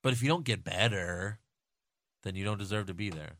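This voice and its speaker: A man co-hosting a casual podcast chat, animated and fond of mimicking people in loud put-on voices. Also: on the low side, a little fast, no echo, studio quality. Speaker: podcast co-host.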